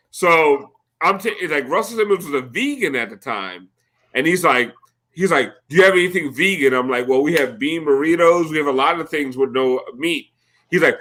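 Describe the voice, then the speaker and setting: A man telling a profane, animated story in a casual podcast chat, acting out the quotes. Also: on the high side. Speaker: podcast host.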